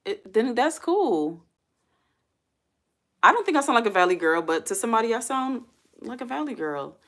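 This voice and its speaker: A woman's voice: fairly high pitch, big pitch swings, moderate pace. A woman chatting casually on a livestream, thinking aloud and answering viewer comments. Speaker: livestream host.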